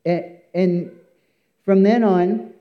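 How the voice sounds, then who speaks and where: High-voiced man giving an earnest testimony. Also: fairly even intonation, very slow, dull audio. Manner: earnest, emphatic storytelling with frequent fillers. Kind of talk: church testimony.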